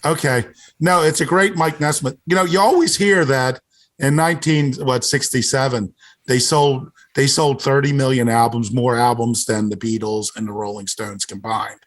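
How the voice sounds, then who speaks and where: A man's voice: mid-range voice, steady tone, moderate pace. A man who is a guest on a casual podcast, telling a long story and repeating "he goes" as he talks.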